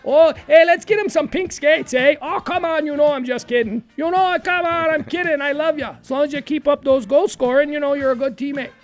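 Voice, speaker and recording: A woman's voice: sits high, fairly quick, hardly any pauses, faint music behind, close to an everyday voice. A woman voicing an easygoing male hockey player with a mock Canadian accent, drawling and joshing.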